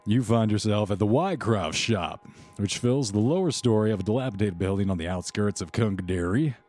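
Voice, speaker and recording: Low-voiced man narrating a tabletop game. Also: expressive, darkish tone, soft background music. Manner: unhurried descriptive narration, reading off long lists. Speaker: game master.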